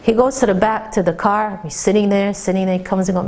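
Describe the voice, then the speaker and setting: Animated woman telling a story. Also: medium pitch, fast talker, hardly any pauses. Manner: animated, excited storytelling with stammered repeats. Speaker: Torah teacher for women. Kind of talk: storytelling lecture.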